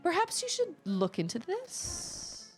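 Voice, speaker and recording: A woman's voice: very high voice, huge pitch swings, slow pace, soft background music, pitched above the performer's own voice, full character voice. A woman voicing a haughty, catty fashion merchant from a video game, reading the lines aloud with a sneering, dramatic delivery. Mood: snooty.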